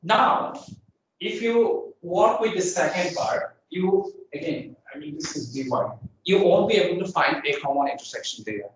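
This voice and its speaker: A man's voice: sits high, expressive, normal speed. A man giving a university lecture to a class. He repeats his phrases, often says "I mean" and "uh", and keeps checking in with "is it okay? fine.". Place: lecture room. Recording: very echoey room, speaker far from mic, faint noise.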